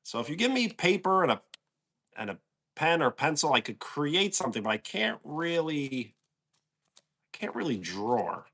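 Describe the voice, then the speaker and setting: A man's voice: a little high, very animated, moderate pace, sharp tone. A man with a New York accent, chatting casually on a livestream and answering viewers' comments. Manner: easygoing, answers chat questions aloud. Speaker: livestream host.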